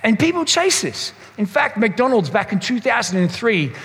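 A man's voice: high-pitched, big pitch swings, moderate pace, fairly bright tone. A man, a pastor preaching a sermon and telling a personal story candidly, often restarting his sentences. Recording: long hall reverb.

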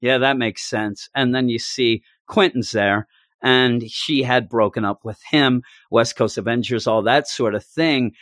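Dry-sounding man, animated comics chat. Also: mid-range voice, a little slow, no room sound. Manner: animated, acts out characters' lines in raised voice. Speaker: comics podcast co-host. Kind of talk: casual chat.

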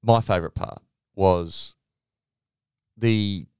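A man co-hosting a casual sports podcast, telling stories with lively mimicry of team radio. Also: sits low, slow pace, smooth, no echo, clean studio sound. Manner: animated storytelling, mimics radio chatter. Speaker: podcast co-host.

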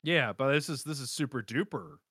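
A man co-hosting a casual podcast, animatedly retelling an anime plot with quick voice impressions and laughter. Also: medium pitch, fairly bright tone, slightly rough, dry recording, studio quality. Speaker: podcast co-host recapping an anime. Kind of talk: casual chat.

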